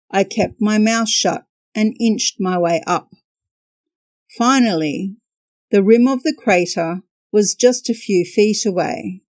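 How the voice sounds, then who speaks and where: A woman's voice: mid-range voice, a little mellow, dry recording. A woman hosting a podcast, narrating a travel story from a script with wry, dry humor.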